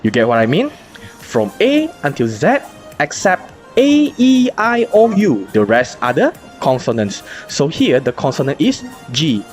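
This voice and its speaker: A woman teacher, explaining grammar in an online lesson, spelling out letters slowly and asking rhetorical questions. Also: low-pitched, very animated, a little mellow, faint music behind. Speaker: English teacher.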